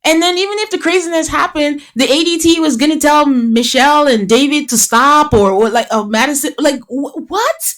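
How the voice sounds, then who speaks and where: A woman hosting a podcast, recapping casually in a lively way, acting out quotes and laughing often. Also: sits high, brisk, hardly any pauses. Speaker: podcast host.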